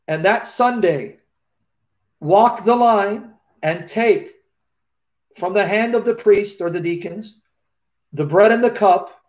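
A man with a notably high voice hosts a live Q&A over a video call. He speaks earnestly and with feeling, circling back to repeat key phrases as he tells a personal story. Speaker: host of a live Q&A.

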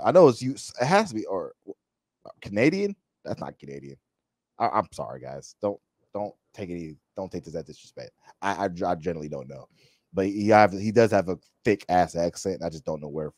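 A man's voice: sits low, animated, moderate pace, a little mellow, dry recording, clean studio sound. A man hosting a reaction video, thinking aloud and talking straight to his viewers, often repeating words as he searches for them. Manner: addresses the viewers directly. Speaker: reaction channel host. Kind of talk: casual reaction commentary.

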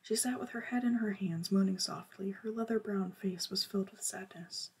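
A woman reading a novel aloud for her book channel, in a soft, partly whispered voice. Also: medium pitch, moderate pace, vocal fry, far from the mic, a little hiss or hum.

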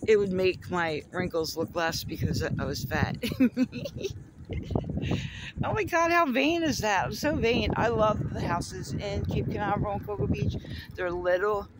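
Riding around his neighborhood outdoors, a high-voiced artist vlogger from Florida, USA, rambles happily and without hurry to a handheld camera. He laughs a lot and talks to his dog throughout, over loud outdoor noise with traffic going by and birds.

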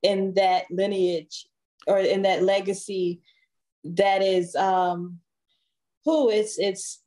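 A woman, a singer, telling a story as a podcast guest in a relaxed, chatty way with frequent fillers. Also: medium pitch, slow pace, poor audio. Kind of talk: storytelling in an interview.

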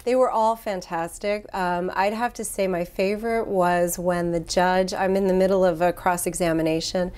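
Enthusiastic lower-voiced woman lawyer. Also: moderate pace, few pauses, clear, resonant tone. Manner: enthusiastic, animated storytelling. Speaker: interview guest, trial lawyer. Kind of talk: casual interview answers.

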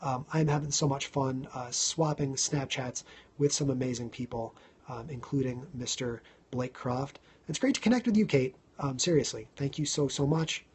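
This thirty-something man's voice is mid-range, slightly mellow and husky. Hosting a casual live stream, he chats with his audience, thanks people by name and fills silences with ums.

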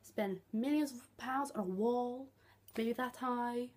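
A young woman rants bluntly to camera, sarcastic and swearing freely. Her voice sits slightly high, with a husky edge and a mellow, dark tone. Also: slow. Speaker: vlogger. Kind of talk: ranting vlog.

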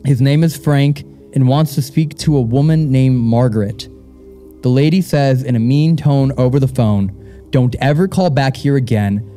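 Casting note: young male co-host, warm low-lit tone, loose chatty delivery, reads aloud. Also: moderate pace, faint music behind. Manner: rambling, repeats words, laughs often. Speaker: co-host of a live paranormal show. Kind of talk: casual live stage chat and reading aloud. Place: live show in a castle venue.

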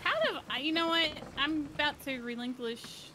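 A woman's voice: high-pitched, moderate pace. A woman chatting on a gaming stream, telling an anecdote and laughing often. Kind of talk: casual gaming chat. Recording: noisy stream audio.

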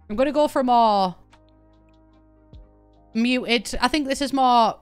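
Young British female streamer, smooth clear voice, rambly and giggly, faint music underneath. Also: on the high side, a little slow, long pauses. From Britain. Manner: chatty, rambling, laughs often, swears casually. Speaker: game streamer. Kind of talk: casual live-stream chat while playing.

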